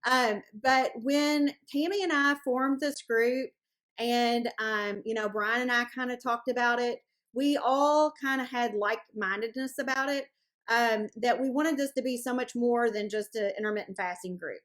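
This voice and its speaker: A woman's voice: on the high side, measured pace, a bit bright. A woman hosting a support group meeting over a video call, chatty and playful as she rambles through updates. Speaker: group host. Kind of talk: casual chat.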